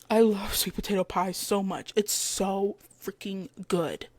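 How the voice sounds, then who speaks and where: A woman in her twenties hosts her own casual solo podcast, chatting away and retelling stories with lively quoted voices for the people in them. Her voice is medium-pitched with no echo, recorded on a headset mic.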